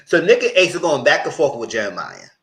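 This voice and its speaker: Sassy male recap host, blunt and slangy, bright tone, very animated delivery. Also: quick pace. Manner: sassy, blunt, slangy, breaks into mocking high voices. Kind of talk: live recap commentary.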